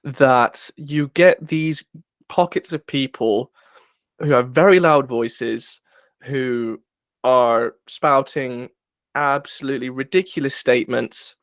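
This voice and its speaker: A man's voice: medium pitch, slow pace, dry recording. A man co-hosting a casual political podcast, rambling and searching for words with frequent restarts. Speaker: podcast co-host.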